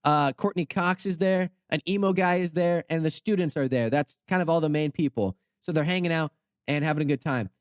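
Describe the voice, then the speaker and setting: A man's voice: on the high side, a little fast, no echo, clean studio sound. A young man hosting a channel, retelling a horror movie with goofy, rambling, sarcastic asides. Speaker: channel host. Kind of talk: comedic storytelling commentary.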